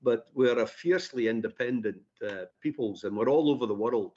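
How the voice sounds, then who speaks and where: A man's voice: medium pitch, fairly quick, a little mellow, highs cut off. Chatty Scottish man on a radio show. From Scotland. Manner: chatty, self-deprecating storyteller with many fillers. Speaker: guest. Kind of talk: radio interview.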